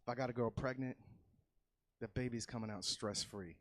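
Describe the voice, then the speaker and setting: A man doing a loose, profane stand-up set on a comedy club stage, swinging from easy chatter into loud yelled bits. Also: mid-range voice, moderate pace. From California.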